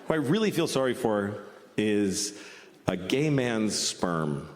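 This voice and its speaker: Standup guy with dark deadpan jokes, roomy echo, long hall reverb. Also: fairly low pitch, takes it slowly, a little hiss or hum. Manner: deadpan dark one-liners. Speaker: stand-up comedian. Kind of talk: stand-up routine. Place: live comedy stage before an audience. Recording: echoey hall with loud audience.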